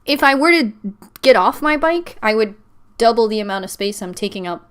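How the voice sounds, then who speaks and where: A young woman with a bright, clear, slightly high voice, chatting casually. She tells her story with plenty of swearing and acts out the voices of the people in it. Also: lively intonation, brisk. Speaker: podcast host. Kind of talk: casual chat.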